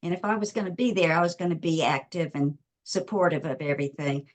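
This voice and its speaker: A woman's voice: lowish voice, quick pace. Breathless chatty woman on a call. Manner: chatty and rambling, with many fillers. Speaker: web design business owner. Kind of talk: casual self-introduction on a video call. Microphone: video call.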